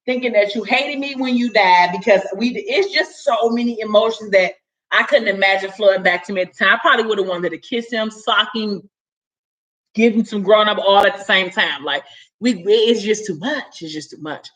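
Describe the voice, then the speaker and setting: Bright-voiced woman retelling a story. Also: medium pitch, brisk, poor audio. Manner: animated, chatty, slangy retelling with many "like"s. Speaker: vlogger recapping a novel. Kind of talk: casual storytelling recap.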